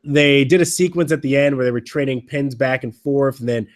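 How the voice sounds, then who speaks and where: A man hosting a podcast, recapping wrestling in a casual, rambling way with halting restarts and wry, mocking asides. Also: medium pitch. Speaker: podcast host.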